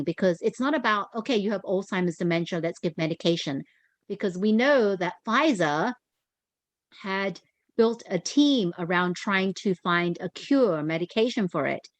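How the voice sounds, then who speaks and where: A woman co-hosting a casual chat show, explaining her thoughts in a relaxed, thoughtful way. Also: mid-range voice, no room sound. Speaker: co-host.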